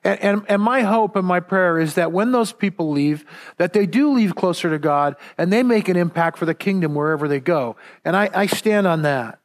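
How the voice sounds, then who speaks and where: A man's voice: sits high, expressive, a little fast. A man from Southern California preaching a sermon as a pastor, earnest and repeating words when stressing a point.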